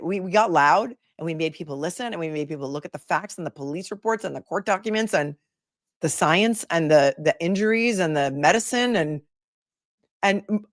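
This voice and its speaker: A woman host talks casually on a livestream, her voice sitting low. She rambles warmly through viewer comments, full of fillers and restarts. The sound is close and dry, with no room echo. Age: older than her peers, calls herself the old lady of the group.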